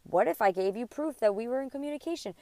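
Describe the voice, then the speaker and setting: A woman's voice: on the high side, lively intonation, quick pace, warm tone, no echo. A woman in her thirties hosting a podcast, telling a personal story in a heated, rambling way and swearing often. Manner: profane, indignant, rambling. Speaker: podcast host.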